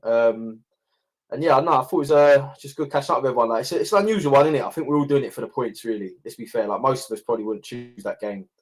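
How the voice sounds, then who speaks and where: A man's voice: medium pitch, fast. Chatty laughing podcast host, a man. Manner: chatty, swears, laughs a lot. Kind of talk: casual chat.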